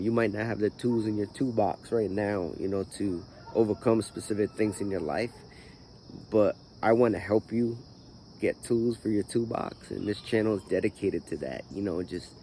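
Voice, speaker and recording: A man's voice: lowish voice, dark tone, slight background noise. A man hosting his own channel, talking through his life story in a rambling way with many fillers and a groggy morning voice. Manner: rambling, full of "you know" fillers. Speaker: channel host. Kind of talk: personal vlog talk.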